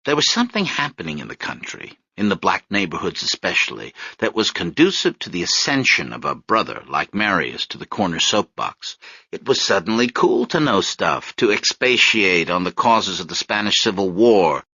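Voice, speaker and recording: A male audiobook narrator telling a story with expressive delivery. His voice is bright and forceful, with lively rises and falls. The recording is dry and slightly dull. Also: low-pitched, moderate pace, breathy edge, no echo. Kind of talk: scripted narration.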